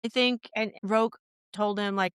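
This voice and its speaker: Rambling, animated woman on a podcast. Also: medium pitch, smooth, dry recording, clean studio sound. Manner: fast, rambling, animated storytelling with many restarts. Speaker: podcast guest. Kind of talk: casual podcast chat.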